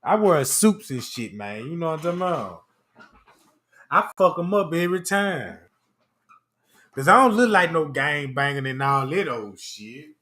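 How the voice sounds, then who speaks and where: A man with a high voice spins loose, comic stories as he hosts a casual chat. His talk is slangy, and he keeps checking in with his listeners. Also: expressive, normal speed, pushed and bright. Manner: slangy, keeps asking "you know what I'm talking about". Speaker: host of an open chat stream. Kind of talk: casual comedic storytelling.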